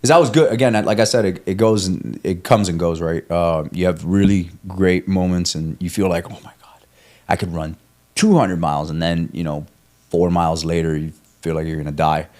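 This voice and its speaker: Speaking fairly quickly in a low, darkish voice with fairly even intonation, a young ultramarathon runner talks candidly as a podcast guest. His running story is rambling and profane, full of self-coaching and restarted sentences.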